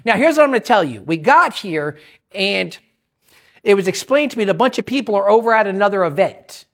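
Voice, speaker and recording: A man's voice: sits high, expressive, brisk, fairly bright tone. A visiting preacher giving a sermon, a man telling stories conversationally with joking asides and self-interruptions. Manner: repeats phrases, self-interrupting.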